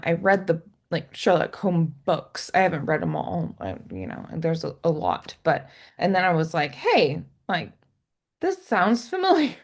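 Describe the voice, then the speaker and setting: Giggly young woman with gravelly fry. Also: on the low side. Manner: giggly, animated retelling with acted quotes. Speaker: podcast co-host. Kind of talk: casual chat.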